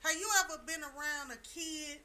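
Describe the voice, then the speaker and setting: Emphatic middle-aged woman, bright voice. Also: high-pitched, flat delivery, normal speed. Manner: emphatic and repetitive, preaching-style storytelling. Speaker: talk show panelist. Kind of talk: casual chat.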